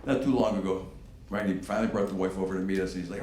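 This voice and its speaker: A man in his fifties doing a stand-up comedy set, with a profane, animated, punchy delivery. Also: low voice, racing. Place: comedy venue on stage. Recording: echoey room with background noise.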